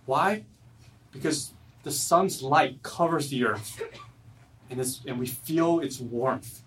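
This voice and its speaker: A man preaching a sermon at a church service, earnest, swinging from loud emphatic lines to low quiet ones. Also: slow, distant mic, a little hiss or hum, poor audio. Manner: earnest, rises loud then drops low and soft. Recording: voice from away from the mic.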